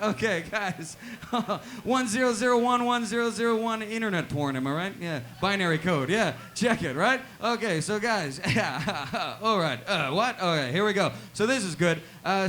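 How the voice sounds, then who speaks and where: A man performing a stand-up comedy set in a small live venue, delivering deadpan one-liners and tagging nearly every line with "right?". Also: high-pitched, slight background noise.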